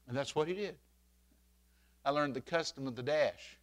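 An older man preaching a sermon in a folksy storytelling way, swelling loud when he quotes scripture. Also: fairly high pitch, normal speed.

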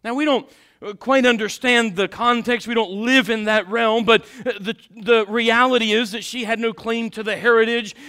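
A man preaching a sermon in a church and telling a personal story in an animated way, laughing along with the congregation. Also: extremely high pitch, normal speed, clear, resonant tone. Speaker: pastor. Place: church sanctuary.

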